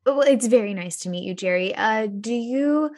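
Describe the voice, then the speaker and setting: A woman playing her character in a tabletop game, polite and gentle, often laughing. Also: a little high, expressive, moderate pace. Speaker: player. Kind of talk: tabletop role-play.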